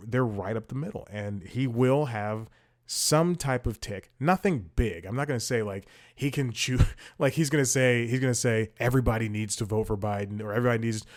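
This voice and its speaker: A man hosting a casual commentary podcast, rambling with many restarts and fillers while he scrolls and multitasks. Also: mid-range voice. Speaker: podcast host.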